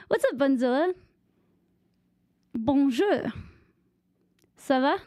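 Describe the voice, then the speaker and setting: A young woman from the United States with a high voice chats slowly and playfully with her stream audience, often laughing. Her voice is close and dry, with no room sound. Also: dark tone, dry recording. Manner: giggly, chatty, tries out French phrases. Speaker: game streamer. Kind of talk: casual live-stream chat with viewers.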